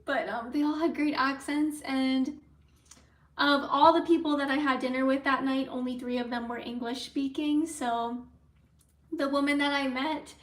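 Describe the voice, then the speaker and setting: A young woman vlogger telling a story in a casual, chatty, excitable way, full of likes and ums. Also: high-pitched, normal speed. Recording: roomy, from a distance off mic.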